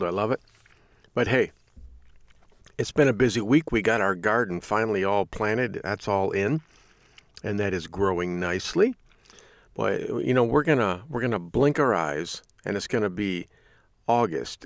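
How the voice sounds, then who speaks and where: A middle-aged radio host spins a casual, folksy story in a chatty monologue, chuckling frequently as he goes. His voice is lowish and creaky, captured in a dry, clean studio recording.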